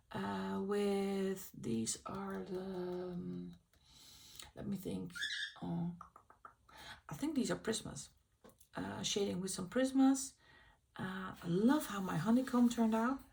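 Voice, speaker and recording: A woman's voice: medium pitch, gravelly, darkish tone. A woman hosting a casual video where she shows her finished colouring pages, chatting and thinking aloud as she checks which supplies she used. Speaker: colouring channel host.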